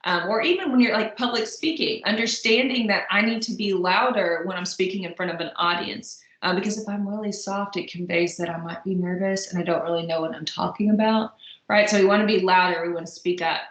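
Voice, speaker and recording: A woman's voice: mid-range voice, brisk, fairly bright tone. Conversational woman lecturing in an echoey room. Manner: conversational, checks in with "right?". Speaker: college instructor. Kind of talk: recorded lecture.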